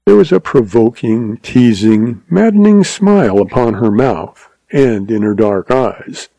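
A male storyteller reads in a measured, expressive way. His voice is warm and mellow, with a mid pitch. The recording is dry and close. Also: creaky, dry recording, rough recording. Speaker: narrator. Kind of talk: audiobook story narration.

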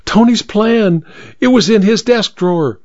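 A man putting on a shrill tearful young housemaid. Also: measured pace, a little mellow, dull audio, close to an everyday voice. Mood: urgent.

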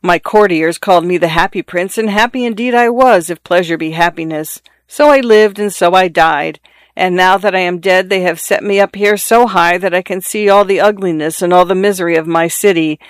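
A man's voice: moderate pace, clear, resonant tone, dry recording, lightly acted. A man reading a sorrowful prince statue. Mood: mournful. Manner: low, gentle and mournful.

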